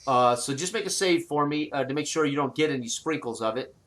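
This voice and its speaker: A man running a tabletop game as game master, narrating with halting pauses and fillers. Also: a little high, a bit bright. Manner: halting, many fillers and restarts while narrating.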